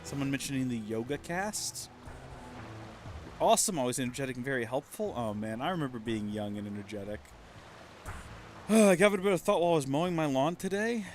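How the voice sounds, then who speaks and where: A man's voice: medium pitch, expressive, fast talker, darkish tone, slight background noise. A man in his thirties chatting casually as a streamer, rambling and poking fun at himself. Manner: chatty, rambling, self-mocking. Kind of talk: casual let's-play commentary.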